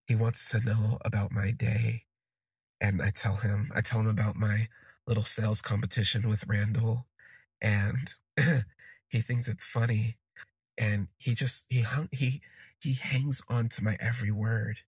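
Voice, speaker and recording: A man's voice: lowish voice, level tone, unhurried, husky, dry recording. A man casually telling a personal story on his podcast, candid and rambling, with lots of fillers. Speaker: podcast host.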